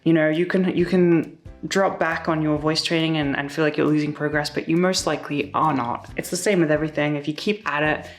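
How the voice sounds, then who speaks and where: Chatty young woman with a low voice. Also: fairly even intonation, a little fast, soft background music. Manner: chatty, uses many fillers and little asides. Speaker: YouTuber. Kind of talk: casual vlog talk. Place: home.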